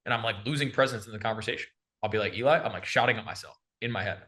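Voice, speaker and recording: A young man coaching on sales in an energetic, slangy casual chat, calling the listener bro. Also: medium pitch, racing, hardly any pauses.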